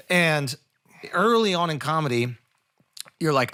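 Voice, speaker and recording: A male comedian chatting casually, telling an animated story full of filler words. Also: mid-range voice, moderate pace. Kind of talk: casual chat.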